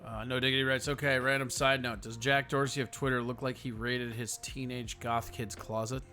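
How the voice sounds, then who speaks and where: A man's voice: mid-range voice, level tone, normal speed, bright, forceful tone, faint music behind. Blunt, profane man reading stream chat. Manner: frequent yawning and sighing. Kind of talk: casual livestream chat.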